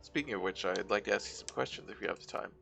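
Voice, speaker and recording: A man's voice: fairly low pitch, quick pace, creaky, faint music behind. A man streaming a game, reading its narration aloud with casual asides. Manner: casual asides between steady read narration. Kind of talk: reading a game's text aloud while playing.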